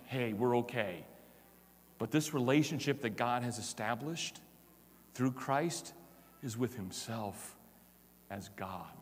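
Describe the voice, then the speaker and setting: A male pastor preaching a sermon, moving from hushed, tender passages to loud, emphatic declarations. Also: medium pitch, long reverb tail, slight background noise.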